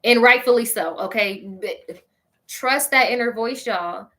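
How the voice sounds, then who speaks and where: A woman hosting a show, telling a funny personal story in an animated, exclaiming way, talking straight to her listeners. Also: fairly high pitch, a little slow. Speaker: host.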